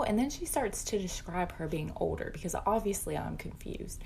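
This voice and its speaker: A mother telling a casual story, animated, quoting her young child in a raised voice and sometimes whispering. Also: mid-range voice, a little fast, gravelly, few pauses, a little hiss or hum.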